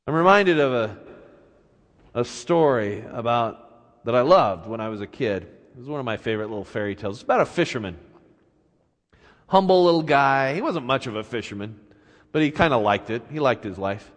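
A male pastor delivering a sermon, his voice rising and falling in a lively way. He slips into storytelling and chuckles. A long reverb hangs behind him, as in a large church hall. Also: on the high side, moderate pace.

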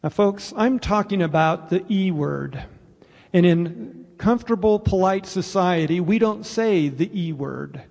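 High-voiced pastor preaching slowly in a hall. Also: male voice, lively intonation, gravelly, a little mellow. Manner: earnest, explanatory preaching with pauses. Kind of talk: sermon. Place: church sanctuary. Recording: reverberant church hall.

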